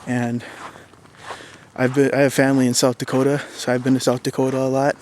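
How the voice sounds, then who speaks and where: A young man with a Minnesotan accent, talking casually to his viewers in a relaxed, rambling way with plenty of fillers. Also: medium pitch, a little fast, slight background noise. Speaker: YouTuber. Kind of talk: casual talk to camera.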